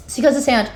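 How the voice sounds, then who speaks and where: Young woman, bright high voice, chatty and animated book-club co-host with faint music under her. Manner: chatty, peppered with "like", dramatic disgust reactions. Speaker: podcast co-host. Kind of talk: casual book club chat.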